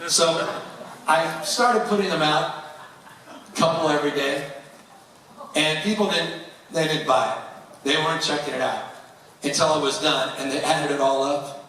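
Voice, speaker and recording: A man telling a wry, animated story as an interview guest before a live audience at a festival venue. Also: on the high side, measured pace, long pauses, slight background noise. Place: large public festival venue. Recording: echoey hall from far off.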